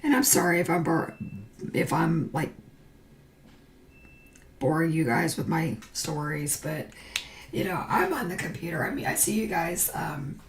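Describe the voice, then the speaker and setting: A woman's voice: low voice, a little slow, vocal fry, pauses often, a little hiss or hum. A middle-aged woman hosting a crafting livestream, telling rambling stories with tangents while she colors alone at her computer. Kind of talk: casual chat while coloring.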